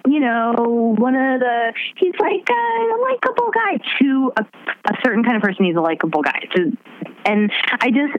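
A woman chatting casually on a podcast, animated and laughing, with her pitch swooping as she talks. The audio is slightly dull and muffled. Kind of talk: casual chat.

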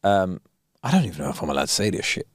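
A man's voice: sits low, very animated, very fast, no room sound, studio quality. Slangy man telling stories. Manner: slangy, storytelling, swears freely. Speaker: podcast co-host. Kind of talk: casual chat.

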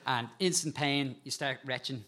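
A man with an animated way of telling stories, a guest talking casually about insects and spiders and laughing at times. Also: mid-range voice, moderate pace. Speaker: guest, insect and frog expert. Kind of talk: casual storytelling chat.

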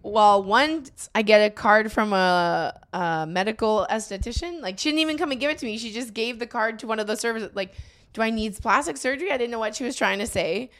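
A woman's voice: fairly high pitch, fairly quick, few pauses, a bit bright. A woman comedian co-hosting a podcast, chatting bluntly and laughing often as she tells stories. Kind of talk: casual comedic chat.

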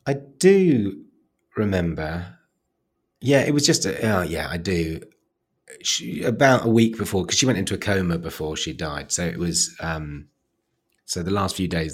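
A man with an English accent, a guest in an interview, telling personal stories softly and haltingly, with frequent restarts. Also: deep voice, breathy edge. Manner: soft-spoken, halting, with many restarts and fillers. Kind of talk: reflective conversational storytelling.

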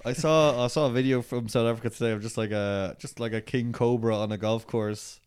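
Joking man with quick asides. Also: medium pitch, fairly even intonation, a little mellow, smooth. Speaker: podcast co-host. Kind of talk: casual chat.

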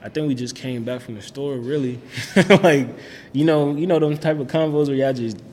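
A man's voice: medium pitch, steady tone, normal speed, darkish tone, in a large hall. A young man telling his faith story in a casual, slangy way, full of "like" and "bro". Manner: slangy, laid-back, lots of "like" and "bro".

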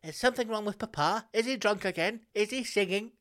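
A man's voice: sits high, fairly quick, fairly bright tone, pitched above the performer's own voice. A man voicing frantic, plummy posh Edwardian children hiding in a mansion. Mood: panicked.

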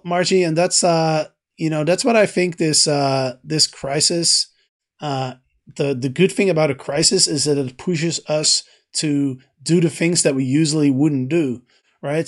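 Rambling man hosting a live stream. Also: on the high side. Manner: rambling, many fillers and restarts. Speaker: host. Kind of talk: casual live stream talk.

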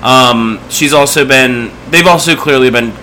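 A podcast co-host in casual, animated banter about pop culture. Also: medium pitch, unhurried, a little hiss or hum, poor audio. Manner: animated, jumps between jokes and pop culture talk.

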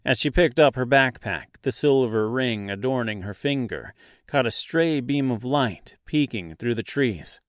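A man narrating a fantasy audiobook in a measured storytelling manner. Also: mid-range voice, no room sound, studio quality. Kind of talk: scripted narration.

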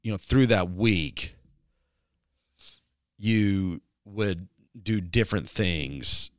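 Rambling worship pastor, smooth low voice. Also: male voice, animated, very slow, no room sound, studio quality. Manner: rambling, filler-heavy, breaks into singing snippets. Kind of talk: casual chat.

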